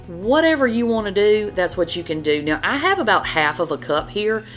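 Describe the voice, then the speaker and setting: A woman's voice: medium pitch, big pitch swings, normal speed, fairly bright tone, faint music behind. A middle-aged woman, hosting a cooking channel in a chatty, folksy voiceover. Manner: chatty, folksy, says y'all a lot. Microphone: voiceover mic.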